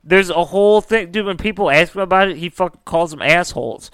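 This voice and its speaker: Bright, heated young man ranting. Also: sits high, brisk, smooth, no room sound, low-quality recording. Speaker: podcast co-host. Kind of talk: casual podcast banter. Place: his own house. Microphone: own microphone by a laptop.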